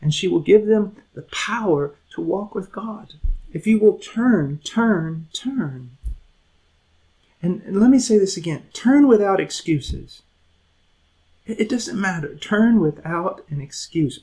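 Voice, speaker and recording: A middle-aged male preacher with a slightly husky, fairly high voice. He teaches with earnest, pleading urgency, pressing hard on key words, then sinking to a quiet, intense near-hush. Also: expressive, takes it slowly, low-quality recording. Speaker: preacher teaching a Bible lesson. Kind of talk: sermon.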